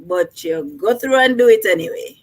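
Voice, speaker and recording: A woman's voice: fairly low pitch, animated, normal speed. A woman guest on a talk show, chatting casually with many fillers and reading a poem aloud. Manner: conversational, many "you know" fillers. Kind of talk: casual chat and poetry reading.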